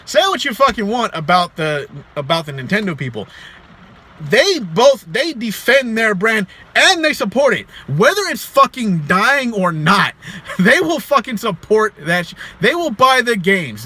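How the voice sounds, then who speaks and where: A young man ranting to camera about video games, swinging between muttered asides and loud, exasperated outbursts. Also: high-pitched. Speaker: gaming vlogger. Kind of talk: profane rant to camera.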